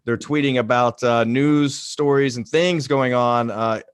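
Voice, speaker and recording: A man's voice: mid-range voice, measured pace, smooth, no room sound, studio quality. A man from the American South hosting a podcast, talking loosely with lots of fillers. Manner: loose, rambling, many fillers. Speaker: podcast host. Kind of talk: casual chat.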